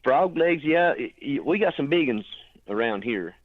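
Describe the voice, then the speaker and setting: A man's voice: mid-range voice, lively intonation, moderate pace. Folksy East Tennessee man on phone. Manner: folksy, drawling, chuckling. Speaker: songwriter and singer calling in. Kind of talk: casual phone chat. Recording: tinny phone line.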